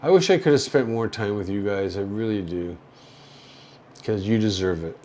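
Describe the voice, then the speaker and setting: An older man hosting a casual livestream, talking in a halting, rambling way with many fillers and soft chuckles as he reads viewer chat. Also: lowish voice, slight background noise.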